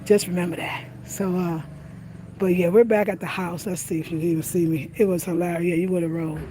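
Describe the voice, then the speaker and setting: A woman's voice: fairly low pitch, steady tone, fairly quick, dark tone. Chatty woman vlogging at home. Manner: chatty, laughs often, Southern US slang. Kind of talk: casual chat to camera. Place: outdoors at night on a country road, then indoors at home.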